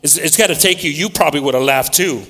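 A man preaching a sermon, swinging between loud scripture reading and quiet, repetitive asides. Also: a little high, quick pace. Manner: repeats words while searching for them.

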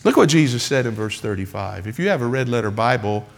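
A man's voice: medium pitch, expressive, quick pace, gravelly. Man preaching a rhythmic sermon. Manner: rhythmic repeated refrains, rising to emphatic preaching. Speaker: pastor. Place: church.

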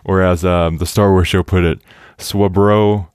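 A young man hosting a podcast in casual chat, excitable and laughing often, with many fillers. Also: low-pitched, brisk, smooth, no echo, studio quality. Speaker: podcast host.

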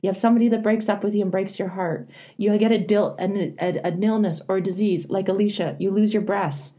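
A woman's voice: medium pitch, steady tone, a little fast, dark tone. A middle-aged woman hosting an advice show, earnestly coaching a caller in a plainspoken, emphatic way.

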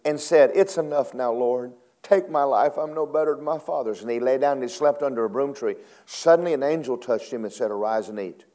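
A male preacher delivering a sermon, swinging from low murmurs to high, dramatic acted cries. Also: brisk, hardly any pauses, mellow.

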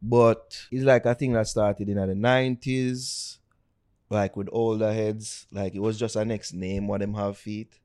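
A man's voice: fairly low pitch, little pitch movement, a little slow, darkish tone, clean tone. A Jamaican man co-hosting a podcast in casual chat, laid-back and slipping into patois. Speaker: podcast co-host.

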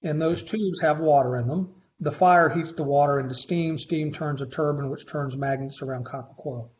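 A man in his fifties, a faculty instructor telling stories in a conversational interview, with animated delivery and frequent restarts. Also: a little high, normal speed, a little hiss or hum. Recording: slightly muffled lo-fi recording.

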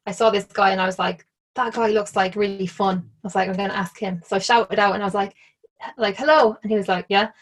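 Irish woman guest, mid-pitched, casual storyteller who keeps saying "like". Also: little pitch movement, quick pace. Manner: chatty, full of "like", acts out quoted lines. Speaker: interview guest.

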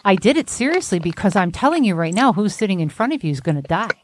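A woman's voice: medium pitch, sing-song, fast, background noise. A woman therapist hosting a podcast, talking bluntly and emphatically with salty language. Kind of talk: candid podcast conversation.

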